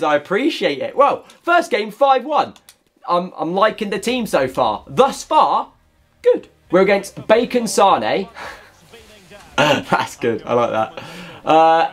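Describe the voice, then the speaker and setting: A young man commentates his own football video game as it happens, his fairly high voice leaping wildly up and down. He jokes with his viewers and breaks into sudden shouts when a goal goes in. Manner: excitable, jokey, bursts into shouts. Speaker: gaming YouTuber. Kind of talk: live gameplay commentary.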